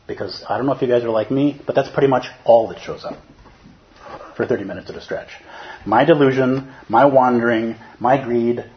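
A man's voice: mid-range voice, brisk, dull audio, slight background noise. Conversational man giving a dharma talk. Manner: conversational, humorous, checks in with listeners. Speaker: Zen teacher.

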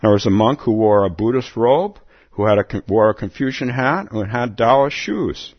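Husky low-voiced man giving a dharma talk. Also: normal speed, no room sound. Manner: relaxed, chuckling, repeats words as he goes. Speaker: Zen teacher. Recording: dull lo-fi dry recording.

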